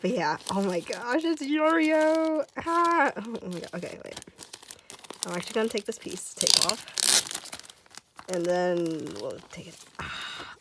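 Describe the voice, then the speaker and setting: A young woman unboxing a package in a casual vlog, gushing and excitable, her voice going a little hoarse. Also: on the low side, moderate pace, long pauses, background noise. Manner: gushing, excitable, many exclamations. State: voice getting hoarse. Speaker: YouTuber.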